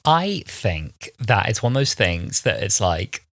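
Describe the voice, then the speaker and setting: A man's voice: on the low side, unhurried, no room sound, clean studio sound. A man in his twenties co-hosting a podcast, chatting casually and acting out his own reactions with lots of fillers. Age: 20s. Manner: animated, full of fillers and acted-out reactions. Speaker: podcast co-host. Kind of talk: casual chat.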